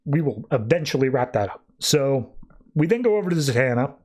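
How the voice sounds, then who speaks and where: A man's voice: medium pitch, sing-song, fairly quick, a little mellow. A man hosting a podcast, casually recapping a comic book in a loose, rambling way. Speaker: podcast host.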